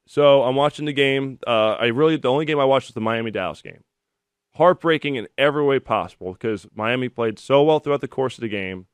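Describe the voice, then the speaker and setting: Male sports radio host, smooth resonant voice, dry studio sound, chatty storytelling. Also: mid-range voice, fairly quick, no room sound. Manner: chatty, storytelling, animated when telling anecdotes. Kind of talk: sports call-in radio talk. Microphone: studio microphone.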